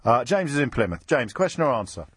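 A man hosting a radio phone-in, bantering quickly with callers and often cutting himself off mid-phrase. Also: mid-range voice, sing-song, breathy edge, no echo. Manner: quick, teasing, self-interrupting. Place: radio studio. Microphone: studio microphone.

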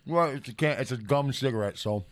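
A man's voice: medium pitch, a little fast. A man co-hosting a podcast, chatting casually, rambling, laughing often and swearing a lot. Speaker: podcast co-host. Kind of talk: casual profane chat.

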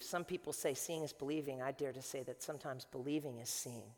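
A male pastor with a high voice, preaching in an animated, chatty storytelling way. His voice rings with a long reverb across a large hall. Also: quick pace, hardly any pauses. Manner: animated storytelling with casual fillers. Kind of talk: sermon.

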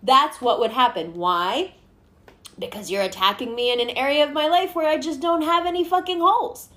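A woman hosting a casual chat, animated and swearing freely as she acts out what people say. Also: high voice, normal speed.

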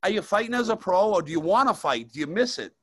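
A man hosting a casual chat, telling rambling, animated stories full of fillers. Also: sits high, quick pace, breathy edge, no echo. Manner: rambling, animated anecdote-teller with many fillers. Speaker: podcast host and former hockey player.

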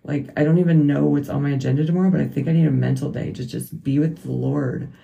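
A woman's voice: low-pitched, steady tone, fast talker, creaky, mellow, dull audio. A woman, hosting a podcast as a rambling, self-correcting, emotional faith-based monologue. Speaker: podcast host.

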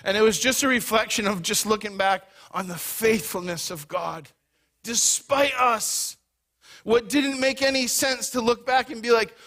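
Bright, high-voiced preaching man. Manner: energetic, conversational preaching with quick bursts. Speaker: pastor. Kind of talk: sermon. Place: church hall before a congregation.

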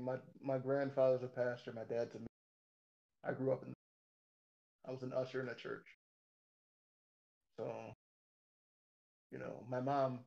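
Gravelly guy rambling and cursing, lots of restarts, dull lo-fi sound. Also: mid-range voice, mellow. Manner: rambling, frequent restarts and repeated words; blunt, swears freely. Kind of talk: casual conversation.

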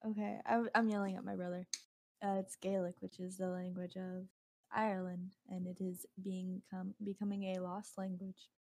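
A young woman co-hosting a casual podcast, easygoing and quick to laugh. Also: lowish voice, level tone, dark tone, dry recording. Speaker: podcast co-host. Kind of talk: casual chat.

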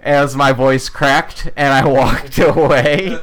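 A man's voice: medium pitch, fairly even intonation, slow pace, fairly bright tone. A man telling a rambling story among friends, full of "like" fillers and bursts of laughter. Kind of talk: casual chat among friends.

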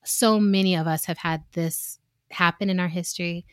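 A woman's voice: lowish voice, fairly even intonation, moderate pace, clear, resonant tone, no echo, studio quality. A woman co-hosting a casual chat, candid and emotional, often laughing and acting out quoted exchanges.

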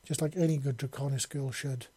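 A man's voice: mid-range voice, steady tone, a little fast, warm tone, slightly rough, no echo, natural voice. A man voicing a lovestruck, devoted and possessive female dragon-woman in an audiobook, making earnest, tender declarations. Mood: adoring. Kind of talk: audiobook character voice.

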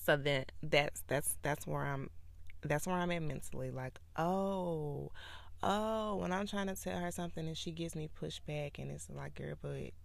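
A woman hosting a podcast, talking casually about parenting and faith in an animated, preachy way. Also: low-pitched, normal speed, gravelly, no echo. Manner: animated, preachy, acts out quoted voices. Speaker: podcast host.

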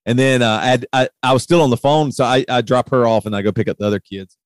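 A middle-aged man with a medium-pitched voice talks fast in a casual chat, with no room sound. He's telling a long story and gets heated while retelling it, his voice rising sharply in the animated moments.

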